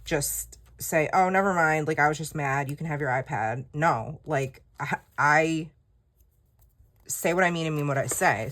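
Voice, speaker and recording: A woman's voice: deep voice, fairly bright tone. A woman chats casually while she journals. She rambles candidly through a personal story and acts out the dialogue herself. She sounds to be in her thirties. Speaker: journaling creator.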